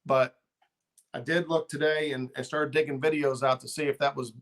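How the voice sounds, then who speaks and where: A man's voice: mid-range voice, level tone, normal speed, fairly bright tone. A middle-aged man hosting a fishing channel livestream, chatting casually and rambling with lots of ums and uhs as he reads viewer comments.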